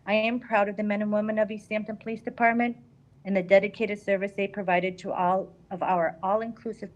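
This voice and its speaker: A woman's voice: medium pitch, poor audio. A woman, giving a prepared public comment at a city council meeting and reading her statement earnestly.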